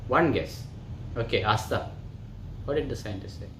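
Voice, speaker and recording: A man's voice: lowish voice, moderate pace, fairly bright tone, a little hiss or hum. Man telling a story to a class. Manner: chatty, asks the class "right?" often. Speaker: yoga teacher. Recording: roomy echo.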